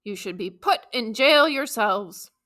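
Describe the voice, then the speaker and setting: A woman reading the lines of a stern male policeman in an audiobook, slow and commanding. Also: a little high, lively intonation, sharp tone. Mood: scolding.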